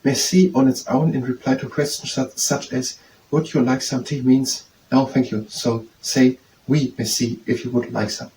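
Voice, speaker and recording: A man reading aloud from a study text and practicing phrases, slow and hesitant, repeating words to get them right. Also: medium pitch, fairly even intonation, dark tone. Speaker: self-study video host. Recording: roomy echo from a distant mic with faint noise.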